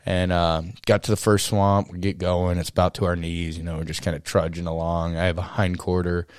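A man's voice: deep voice, little pitch movement, fairly quick, clean tone, no room sound, studio quality. A young man co-hosting a podcast, telling a long story in a rambling, casual way with lots of "you know" and "uh". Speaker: podcast co-host.

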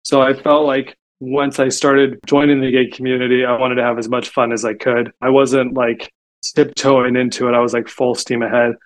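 Guy on a podcast rambling through stories, pretty monotone, lots of "like". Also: mid-range voice, moderate pace. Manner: chatty storytelling, frequent "like" fillers. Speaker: podcast guest. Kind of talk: casual interview talk.

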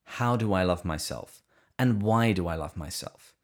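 A man with a notably deep, low voice speaks in a relaxed, conversational way on a podcast. He talks about faith in an earnest, reflective manner. Now and then he slips in some dry humor. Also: normal speed. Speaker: podcast co-host.

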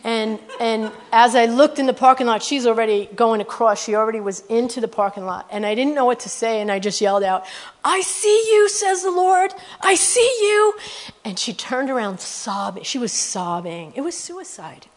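A middle-aged woman guest preacher telling testimony stories in a sermon, animated and rising to loud exclamations. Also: on the high side, a little fast, few pauses.

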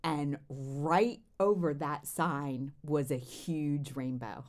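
A woman's voice: low voice, fairly even intonation, slow pace. A woman co-hosting a faith podcast who tells a personal story in an earnest way.

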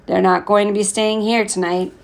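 A woman's voice: medium pitch, flat delivery, normal speed, gravelly, natural voice. A woman voicing a young but weary male Turkish hotel owner, kindly and teasing, in a read storybook.

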